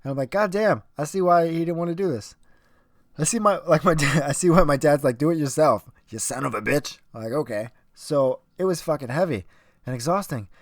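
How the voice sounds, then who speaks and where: A man's voice: fairly high pitch, a little fast, no room sound, clean studio sound. A young man hosting a solo podcast, rambling and swearing, arguing with himself. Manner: profane, rambling, self-arguing. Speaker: podcast host.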